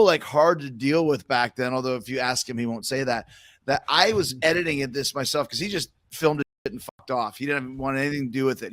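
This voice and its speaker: A man's voice: medium pitch, fairly bright tone. A man from Canada hosting a podcast, telling stories in a rambling, casual way with swearing. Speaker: podcast host. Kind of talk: casual chat.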